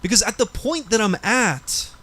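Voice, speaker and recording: A man's voice: high voice, lively intonation, normal speed, sharp tone, pitched above the performer's own voice, full character voice. A man preacher voicing a desperate young man who is facing ruin, pleading with urgency.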